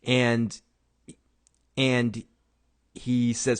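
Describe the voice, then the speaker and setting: A man's voice: medium pitch, normal speed, vocal fry, pauses often. A man hosting a casual talk show, recapping a TV episode in a rambling way, with frequent restarts and chuckles. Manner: acts out quoted lines in bursts of raised voice. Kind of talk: casual chat.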